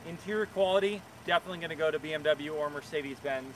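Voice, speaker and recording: A man's voice: on the high side, fast, recorded from a distance, noisy background. A man hosting a live car Q&A outdoors, talking casually and giving blunt opinions with plenty of fillers, recorded on a phone camera. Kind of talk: casual live-stream chat.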